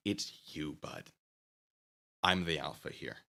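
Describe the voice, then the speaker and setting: Sarcastic guy ranting on his channel, bright voice, pitch bouncing all over. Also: expressive, slow, vocal fry. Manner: taunting, sarcastic, goading. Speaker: channel host. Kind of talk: ranting commentary to camera.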